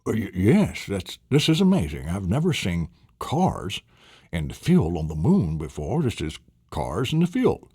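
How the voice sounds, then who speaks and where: Male teacher playing a gentle dad, reassuring and warm-toned, dry sound. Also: low-pitched, wildly swooping pitch, unhurried, breathy edge, no room sound, full character voice. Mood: soothing. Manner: soothing, reassuring. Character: patient gentle father.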